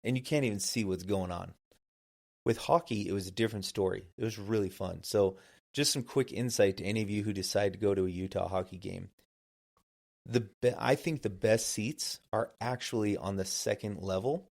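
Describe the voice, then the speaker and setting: A middle-aged podcast co-host, his voice lowish and gravelly, tells stories in a casual chat. He is an animated storyteller who laughs often.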